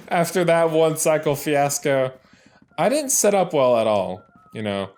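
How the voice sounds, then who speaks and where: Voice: medium pitch, huge pitch swings, slow pace, pauses often, a little mellow. A let's player giving casual gameplay commentary, rambling, restarting and swearing as things happen on screen.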